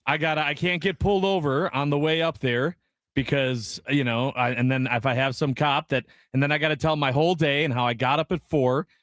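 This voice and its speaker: A man's voice: on the high side, steady tone, a little fast, fairly bright tone, no echo, clean studio sound. A man co-hosting a sports radio show, rambling through comic little stories. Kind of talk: casual radio chat.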